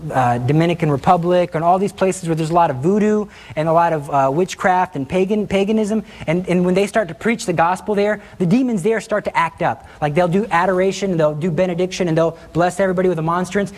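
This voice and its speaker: Animated man giving a faith talk. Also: on the high side. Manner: animated storytelling, acts out quoted voices. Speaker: Catholic speaker. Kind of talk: spoken talk with personal testimony.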